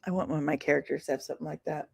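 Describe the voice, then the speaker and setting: A woman's voice: low voice, steady tone, racing, creaky, a little mellow, husky. A woman hosting a casual live stream, chatting to viewers and reading aloud from a post. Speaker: host.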